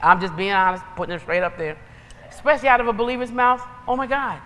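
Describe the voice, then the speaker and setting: A woman preaching a sermon in a lively, conversational way, building into urgent exhortations. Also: medium pitch, fast. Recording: long reverb of a large hall.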